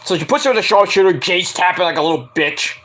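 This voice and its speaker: A man casually recapping a wrestling show, animated, profane and sarcastic. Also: high-pitched, fast. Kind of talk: casual rant-style recap.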